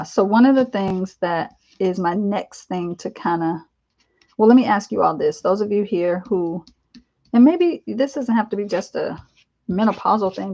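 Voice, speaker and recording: A woman in her fifties chatting casually on a live stream, candid and rambling, with lots of fillers, laughs and animated quoted asides. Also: medium pitch, lo-fi sound. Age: 50s. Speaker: vlogger. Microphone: live-stream camera mic.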